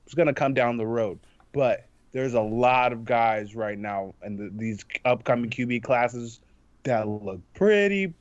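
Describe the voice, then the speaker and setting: A man co-hosting a casual sports podcast, animated and full of "bro," acting out other people as he makes his point. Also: medium pitch, unhurried, dry recording, muffled recording. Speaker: podcast co-host.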